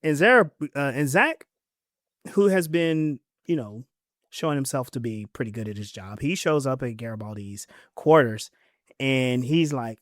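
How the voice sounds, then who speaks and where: A man hosting a relaxed podcast chat. His voice sits in a medium pitch and sounds close and dry. He retells a TV episode with animated, paraphrased quotes. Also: fairly quick, dry recording. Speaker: podcast co-host recapping episodes. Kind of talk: casual chat.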